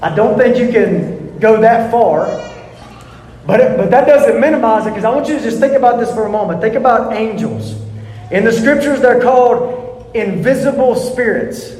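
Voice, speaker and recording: A man's voice: high-pitched, lively intonation, normal speed, darkish tone, slight background noise. A man preaching a sermon as pastor, earnest and emphatic, repeating key words and putting questions to the congregation. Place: church sanctuary. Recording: echoey hall, long reverb.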